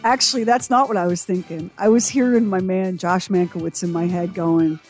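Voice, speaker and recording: A woman's voice: on the low side, fairly even intonation, moderate pace, a little mellow, faint music behind. A woman co-hosting a casual talk show, wry and joking. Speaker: podcast co-host. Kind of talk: casual chat.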